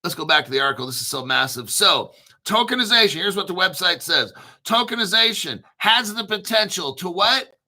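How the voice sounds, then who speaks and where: A middle-aged man hosting crypto commentary, reading an article aloud while getting excited, swearing and joking back at himself. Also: high voice, a little fast. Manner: excitable, profane, jokes and talks back to himself.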